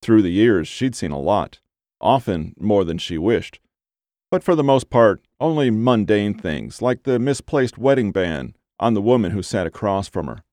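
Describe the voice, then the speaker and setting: In a clean studio recording with no echo, a man narrates a scripted audiobook in an even, measured way. His voice sits fairly low.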